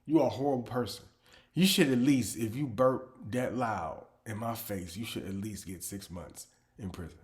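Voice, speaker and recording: A man hosting his own comedy show, ranting animatedly about pet peeves, dropping to low mutters and then bursting out loud. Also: normal speed. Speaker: comedian host. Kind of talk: comedic monologue.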